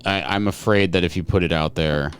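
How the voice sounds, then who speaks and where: A man's voice: low-pitched, a little fast, fairly bright tone, smooth. A man co-hosting a podcast in casual chat, telling stories with lots of swearing and stumbling restarts. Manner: rambling storyteller, swears freely, many restarts. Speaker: podcast co-host.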